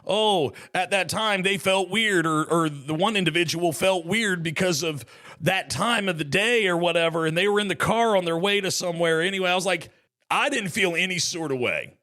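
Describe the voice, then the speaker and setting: A man's voice: high voice, moderate pace, pushed and bright. A man hosting a casual solo podcast, chatty and rambling with joking asides. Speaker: podcast host.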